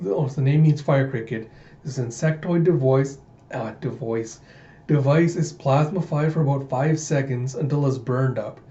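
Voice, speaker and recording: A man walks through a manga's chapters in a chatty, enthusiastic manner. His voice is mellow and warm in tone. The recording sounds dull and echoes around the room. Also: mid-range voice, normal speed. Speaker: manga read-through host. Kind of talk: casual manga recap.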